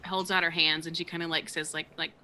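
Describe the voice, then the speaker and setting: Bright-voiced woman player, lots of "like". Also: low voice, flat delivery, fast. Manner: filler-heavy, chatty. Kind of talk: casual tabletop play.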